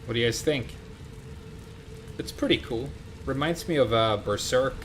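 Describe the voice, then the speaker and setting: A man's voice: mid-range voice, normal speed. Chatty Swedish-accented man streaming a game. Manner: chatty, talks to viewers and in-game characters. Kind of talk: casual live gameplay commentary. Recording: steady background noise.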